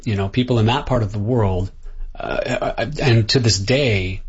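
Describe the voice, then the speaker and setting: A man's voice: lowish voice, moderate pace, slightly rough. A middle-aged Canadian man, an author being interviewed, speaking thoughtfully and often restarting his sentences. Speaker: author and guest. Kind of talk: interview conversation. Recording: dull lo-fi sound.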